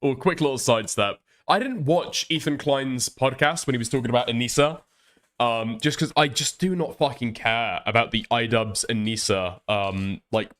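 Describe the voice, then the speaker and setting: A man's voice: mid-range voice, fairly bright tone. A man doing casual reaction commentary on a stream, chatty and profane, often laughing as he talks.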